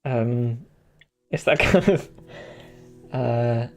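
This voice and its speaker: A man's voice: medium pitch, extremely slow. Man, game stream co-host, rambling, hesitant, chuckling, faint background music. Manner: rambling, hesitant, many "um"s and restarts, chuckles often. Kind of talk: casual stream chat.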